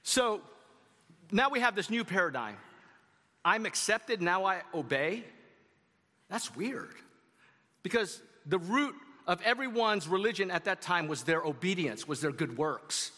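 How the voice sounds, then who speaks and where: A man's voice: high voice, very animated, unhurried, pushed and bright, long reverb tail. A man preaching a sermon to his congregation in a conversational way, with asides to the audience. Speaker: pastor. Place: church sanctuary.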